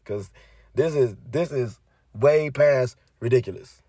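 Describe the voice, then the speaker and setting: A man's voice: mid-range voice, slow pace, dark tone, slightly rough, dry recording, studio quality. A young man ranting heatedly to his viewers, cursing heavily and repeating himself as he gets worked up. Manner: heavy cursing, fired up, repetitive. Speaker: commentator. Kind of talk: heated casual rant to viewers.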